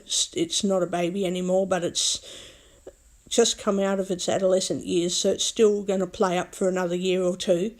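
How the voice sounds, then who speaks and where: A woman's voice: medium pitch, mellow. A woman vlogger in a casual, rambling monologue, talking bluntly with a lot of swearing and repeating herself.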